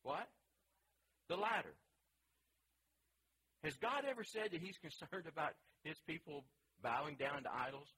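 A man's voice: fairly high pitch, a little slow, long pauses, pushed and bright, breathy edge, rough recording. A man teaching a Bible study class, reading scripture aloud and then asking the group questions about it.

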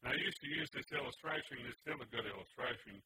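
A man preaching a sermon who tells a story, his voice dropping low and quiet for some lines and rising for emphatic ones. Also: fast talker, background noise.

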